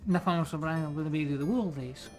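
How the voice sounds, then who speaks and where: Male streamer, worn out and low-energy, casual chat with frequent swearing, slightly higher voice. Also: quick pace, soft background music. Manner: flat, tired, often swearing. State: tired. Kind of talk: casual live-stream chat while playing.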